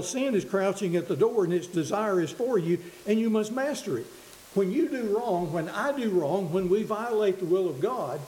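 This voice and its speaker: A man preaching a sermon in an earnest, halting way, often restarting his words, in a church hall. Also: sits high, dark tone. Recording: echoey room with faint hiss.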